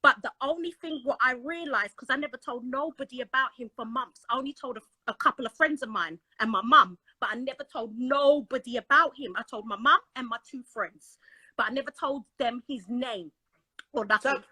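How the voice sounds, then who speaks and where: A woman tells a long personal story, excitable and dramatic, slipping into the voices of the people in it. Her voice sits very high and sounds bright and forceful. The sound is dry and close. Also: brisk, slightly rough, dry recording, rough recording. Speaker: caller telling her story. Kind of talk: animated storytelling on a live stream.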